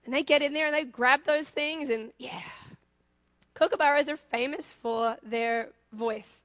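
Aussie woman giving a sermon, high pitched, keeps asking the crowd stuff, dry close mic. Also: a little slow, no echo. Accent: Australian. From Australia. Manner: lively, talks directly to the congregation with questions. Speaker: preacher.

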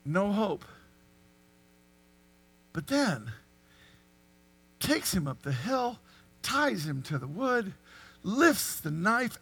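A man preaching a sermon, animated and full of rhetorical questions to the congregation. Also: sits high, breathy edge. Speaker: pastor.

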